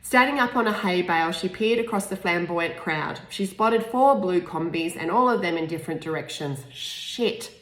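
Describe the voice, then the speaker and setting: A lower-pitched woman reading her own novel aloud in a relaxed, unpolished way. She restarts stumbled words and breaks off for small asides. The room around her has a noticeable echo. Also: moderate pace, few pauses. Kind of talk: informal audiobook reading. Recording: echoey room.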